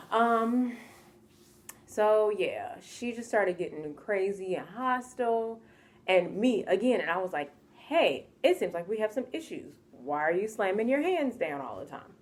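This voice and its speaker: An animated young woman from the United States tells a story in a casual vlog. She sounds exasperated and acts out the people in it in their own voices. Her voice sits at an average pitch for a woman. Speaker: vlogger telling a story.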